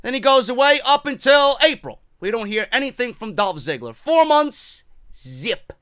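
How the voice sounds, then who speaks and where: High-pitched, heated ranting man. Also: big pitch swings, moderate pace, a bit bright, clean tone, dry recording, clean studio sound. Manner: heated, profane, repetitive ranting; mocking quoted voices. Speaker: wrestling commentary host. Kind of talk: ranting opinion show.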